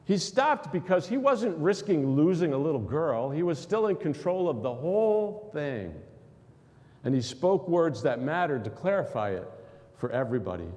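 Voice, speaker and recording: A man's voice: fairly high pitch, mellow. A man preaching a sermon as pastor, asking questions of the congregation and acting out quotes. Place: church sanctuary. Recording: long hall reverb.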